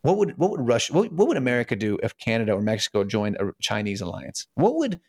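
A man's voice: mid-range voice, sing-song, quick pace, gravelly, no room sound, studio quality. A man co-hosting a casual podcast discussion, talking earnestly, restarting his sentences often and asking rhetorical questions. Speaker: podcast co-host.

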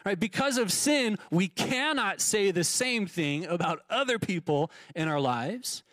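A man's voice: high voice, lively intonation, measured pace, fairly bright tone, no echo. A man preaching a sermon as pastor, in a conversational way, often checking in with "right?". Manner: conversational, asks "right?" often, restarts words. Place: church sanctuary.

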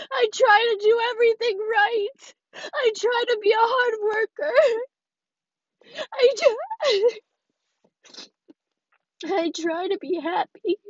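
An eighteen-year-old woman crying in her parked car, talking through a raw, halting confessional podcast monologue and swearing heavily, her voice shaking. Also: extremely high pitch, fairly even intonation, dry recording, muffled recording. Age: 18, late teens.

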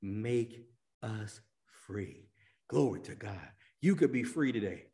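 A man preaching a sermon as pastor, rising to loud emphatic lines and dropping to hushed ones, sometimes acting out quoted voices in colloquial speech. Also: fairly low pitch, lively intonation, takes it slowly. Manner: dynamic preacher, swings between loud emphasis and hushed drops.

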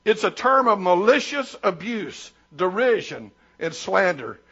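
Older man in his sixties as preacher, high raspy voice, swings from loud to hushed, muffled recording. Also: very animated, a little slow. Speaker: pastor. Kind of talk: sermon.

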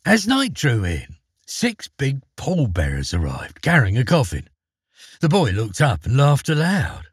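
A man with a husky voice narrating a fairy tale, with dramatic swings in pitch. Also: wildly swooping pitch, unhurried, dry recording, clean studio sound. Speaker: storyteller. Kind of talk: expressive storybook reading.

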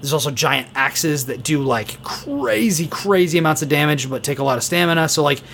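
A man's voice: a little high, lively intonation, a little fast, gravelly, a bit bright, a little hiss or hum. A man co-hosting a casual gaming podcast, talking eagerly at length with many fillers. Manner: enthusiastic, rambling, heavy on fillers. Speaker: podcast co-host.

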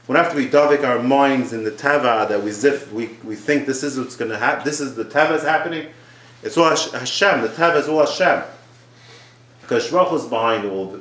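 A man's voice: mid-range voice, fairly bright tone. Earnest preaching man, roomy echo. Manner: earnest storytelling with many restarts. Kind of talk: sermon.

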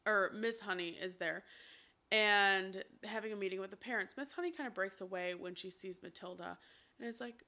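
A woman co-hosting a podcast, casually recapping a musical with lively, swearing retellings. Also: mid-range voice, moderate pace. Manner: animated, swears casually, acts out quotes. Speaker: podcast co-host.

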